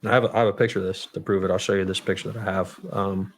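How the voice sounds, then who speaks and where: Low, gravelly man telling a story. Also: flat delivery. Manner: blunt, profanity-laden, halting storytelling. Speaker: podcast guest. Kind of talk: storytelling in a conversational interview. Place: podcast studio.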